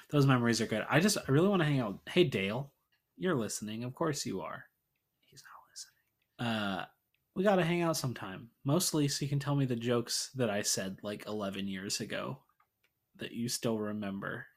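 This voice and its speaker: A man's voice: medium pitch, lively intonation, normal speed. A man co-hosting a podcast, chatting casually with dry, teasing humor. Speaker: podcast co-host. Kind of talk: casual chat.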